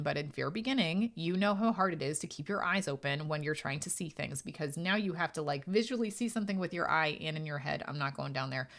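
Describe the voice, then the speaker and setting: A woman medium talks through her own podcast in a frank, casual way. Her voice sits a little low. She tells stories and acts out quoted asides. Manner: candid, animated storytelling with quoted asides. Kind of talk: casual solo podcast talk.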